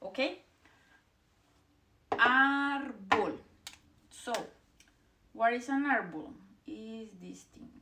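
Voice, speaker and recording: A woman's voice: a little high, takes it slowly, vocal fry, noisy background. A young woman whose first language is Spanish, teaching a beginner language lesson and patiently drilling each vowel and word over and over.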